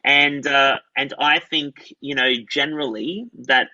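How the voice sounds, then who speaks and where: An enthusiastic Australian man talks through an interview, looping back on himself with fillers. His tone is bright and forceful. The recording sounds dry and a little muffled. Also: mid-range voice, steady tone, measured pace, no echo. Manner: enthusiastic, rambling with many "you know" fillers. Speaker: guest, tenor. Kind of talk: casual interview chat.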